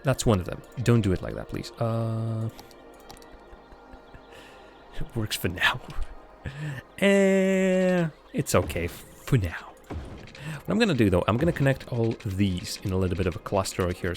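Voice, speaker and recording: Man, low voice, casual game stream commentary, self-mocking, filler-heavy, faint music behind. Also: darkish tone. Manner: chatty, self-mocking, thinks aloud with many fillers. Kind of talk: casual live gameplay commentary.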